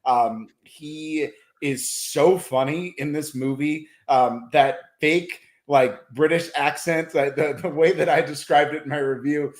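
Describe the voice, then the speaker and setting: A man's voice: fairly high pitch, unhurried. A man who is a film critic, giving his picks in a casual chat, thoughtful and full of ums and restarts. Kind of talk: casual awards-preview chat. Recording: roomy echo.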